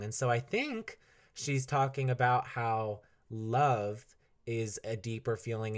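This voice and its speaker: A young man talks through an album on his solo podcast, loose and chatty, full of fillers and little laughs. His voice sits at an ordinary middle pitch. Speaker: podcast host reviewing an album. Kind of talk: casual solo podcast talk.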